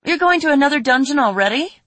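A woman voicing a bubbly, cheeky young girl who teases loudly. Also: sits high, animated, quick pace, dry recording, pitched above the performer's own voice. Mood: cheeky, excited. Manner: loud, teasing, sing-song.

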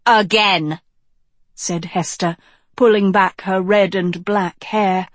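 A woman reading a fantasy novel aloud in measured, even scripted narration. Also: mid-range voice, no room sound. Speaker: audiobook narrator.

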